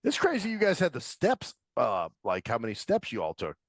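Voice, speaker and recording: A man's voice: mid-range voice, huge pitch swings, a little fast, no room sound, clean studio sound. A man co-hosting a casual podcast, laughing often and chiming in with short reactions and questions. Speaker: podcast co-host. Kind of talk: casual chat.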